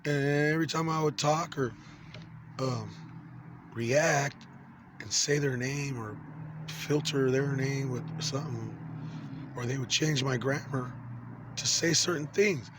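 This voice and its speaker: A man's voice: mid-range voice, slow, long pauses, background noise. A man in his forties talking to camera in an angry, rambling, profane monologue full of fillers and restarts. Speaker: vlogger.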